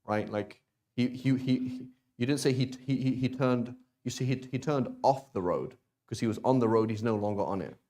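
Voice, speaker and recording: A man teaching a beginners' language class in an unhurried, conversational way. He restarts his sentences often and keeps checking in with the students. His pitch sits in the middle of the range. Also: dark tone. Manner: explains with many restarts and "right?" checks. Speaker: Arabic teacher. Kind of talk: classroom lesson.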